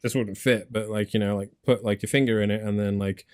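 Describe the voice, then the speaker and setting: A man's voice: on the low side, fairly even intonation, fairly quick, a little mellow, no echo, studio quality. A man with an English accent, hosting a casual gaming podcast and rambling with lots of fillers and restarts. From England. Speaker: podcast host. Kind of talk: casual chat.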